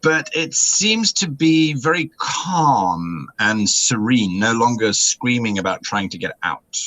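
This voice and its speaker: A man's voice: medium pitch, lively intonation, takes it slowly, fairly bright tone. A man narrating as game master of a tabletop game, describing scenes with frequent restarts.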